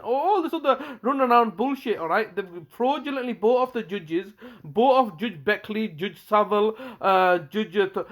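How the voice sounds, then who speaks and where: High-voiced man in an angry rant. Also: animated, fairly bright tone. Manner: angry, repetitive, ranting; halting, with many fillers and restarts. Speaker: complainant recording a personal statement. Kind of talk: impassioned monologue.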